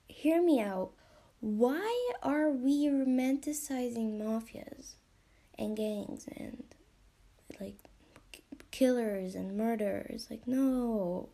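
A young woman hosts a casual podcast, talking slowly in a somewhat high, warm, soft-edged voice. She rambles with plenty of fillers and curses. Now and then she drops into a whisper. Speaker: podcast host.

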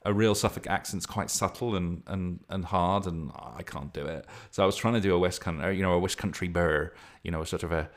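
A man's voice: low voice, a little fast, hardly any pauses. A man hosting his own podcast, talking casually and at length as a game master, rambling and poking fun at himself. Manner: rambling, self-deprecating, chuckling. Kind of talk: casual solo podcast talk.

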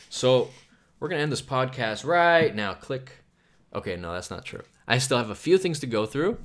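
A young man hosting a comedy podcast, talking alone in a rambling, profane way, swinging between loud bursts and low mumbles. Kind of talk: casual solo podcast rant.

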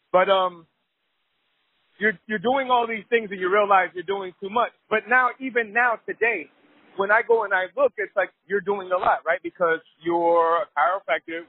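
A man hosting an interview, talking in a rambling, halting way with many fillers while walking along a street. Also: high voice, no room sound. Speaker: podcast host. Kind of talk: casual interview chat. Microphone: phone. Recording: phone-line audio.

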